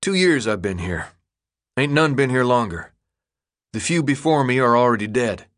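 A man doing a gruff, bossy teen leader with a rough drawl. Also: mid-range voice, sing-song, moderate pace, a bit bright. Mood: grim. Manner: rural drawl with slang, clipped and bossy. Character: gruff teen boy leader, blunt and commanding.

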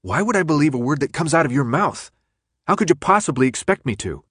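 A man's voice: fairly high pitch, big pitch swings, quick pace, fairly bright tone, husky, no room sound, studio quality, pitched above the performer's own voice, heavily acted. A man voicing a tense, sarcastic teenage boy held captive, pushing back at his jailer. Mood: angry. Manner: sarcastic, defiant.

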